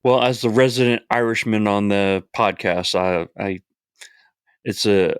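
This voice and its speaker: Smooth low-voiced man with hiccups. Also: flat delivery, unhurried, dry recording, studio quality. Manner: easygoing, joking. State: has the hiccups. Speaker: podcast co-host. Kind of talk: casual podcast chat.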